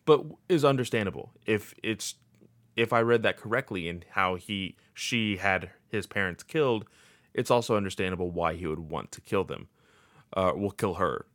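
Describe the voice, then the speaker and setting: Low-voiced man rambling through a recap. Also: moderate pace, fairly bright tone, dry recording. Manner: rambling, filler-heavy with many uh and like. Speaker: story recap commentator. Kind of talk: casual recap of a game's story.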